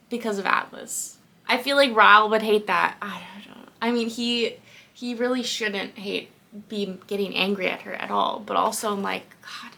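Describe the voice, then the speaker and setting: Young woman book vlogger, kinda gravelly, bright sharp tone, chatty and emotional. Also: mid-range voice, a little hiss or hum. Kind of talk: casual chat and book reading. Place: home office.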